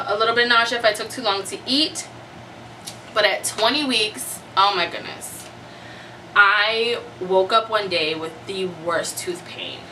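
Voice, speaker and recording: A woman's voice: mid-range voice, bright, forceful tone. A young woman chatting casually to camera, laughing often and acting out her own reactions. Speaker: vlogger. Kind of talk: casual chat. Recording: voice a bit far from the mic, faint noise.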